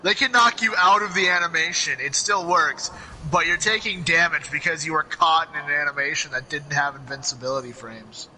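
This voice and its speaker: A man's voice: on the high side, fairly quick, bright, forceful tone, rough recording. A young man co-hosting a gaming video, chatting casually with jokey asides. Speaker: co-host playing the game. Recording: game crowd noise behind.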